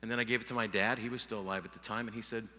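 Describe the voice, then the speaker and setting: A middle-aged man speaking at a conference, telling a personal story in an earnest way that sinks to a hush at sad points. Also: on the low side, fairly even intonation, very fast. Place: large hall before a live audience. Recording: long hall reverb.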